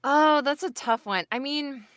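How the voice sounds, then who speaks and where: A woman who narrates audiobooks, chatting casually as a guest and laughing often in excited bursts. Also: high-pitched, a little slow, no room sound, studio quality. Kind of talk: casual video call interview.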